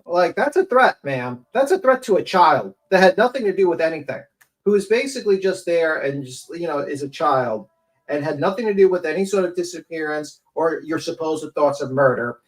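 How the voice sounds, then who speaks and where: A man's voice: a little high, animated, moderate pace, low-quality recording. A man hosting a livestream, giving heated, blunt opinion commentary with plenty of profanity.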